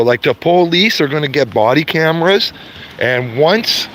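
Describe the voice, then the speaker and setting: A man's voice: mid-range voice, a bit bright. A man chatting casually on a livestream while walking his dog through his neighborhood, rambling and calling everyone "man". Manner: rambling, repeats greetings, says "man" often. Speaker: livestreaming street auditor. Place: outdoors on neighborhood streets.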